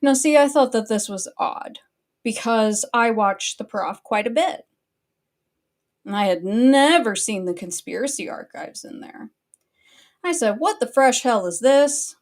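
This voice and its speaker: A woman with a voice on the higher side runs her own commentary stream. She speaks casually and bluntly, and swears freely in a sustained annoyed rant. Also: expressive, unhurried. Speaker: online commentary host.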